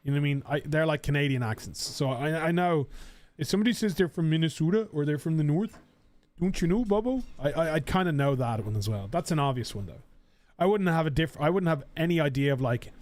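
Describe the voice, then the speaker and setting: A man's voice: on the high side, animated, fast talker, darkish tone. A young man with an Irish accent, chatting casually and rambling while streaming a game. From Ireland. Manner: rambling, chatty, swears casually, frequent fillers. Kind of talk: casual live-stream chat while gaming.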